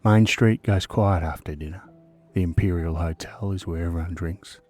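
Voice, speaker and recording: A man hosting a podcast, telling a true-crime story in a measured, suspenseful narration that sometimes drops to a hush. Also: sits low, faint music behind. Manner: measured, suspenseful storytelling, dropping to hushed tones. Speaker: podcast host.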